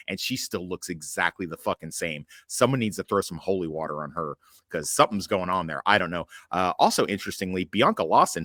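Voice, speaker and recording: A man's voice: deep voice, sharp tone, dry recording, clean studio sound. A man hosting a podcast in a casual chat, rambling with lots of fillers, swearing freely and tossing in sarcastic asides. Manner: rambling, hesitant, with many fillers and frequent swearing. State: occasional coughing from allergies. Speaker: podcast host.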